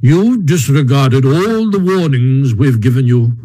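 A man voicing a stern, severe old male badger who lectures in a measured way in a storybook reading. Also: on the high side, expressive, dark tone, low-quality recording. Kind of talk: audiobook character reading.

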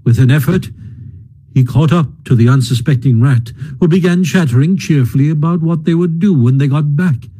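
A man reading a storybook aloud in a slow, measured, expressive way. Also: fairly high pitch, husky, poor audio. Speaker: narrator. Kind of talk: storybook narration.

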